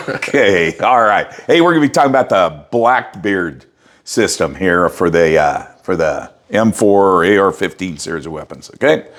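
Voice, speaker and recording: Playful deep-voiced male interviewer. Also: normal speed. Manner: playful, teasing, lively pitch swings. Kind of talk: joking trade-show interview.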